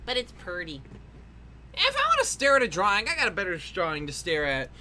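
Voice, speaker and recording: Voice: mid-range voice, huge pitch swings, brisk, background noise. A livestreaming artist chatting casually while drawing, rambling and laughing, with frequent swearing and restarts. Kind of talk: casual rambling stream chat.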